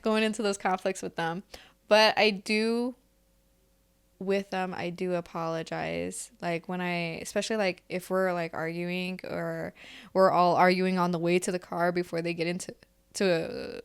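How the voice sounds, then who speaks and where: A woman's voice: fairly low pitch, normal speed, clear, resonant tone. Mom in her 30s on a podcast, chatty, keeps laughing thru her stories. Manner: laughs often while telling stories. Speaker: podcast co-host. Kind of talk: casual chat.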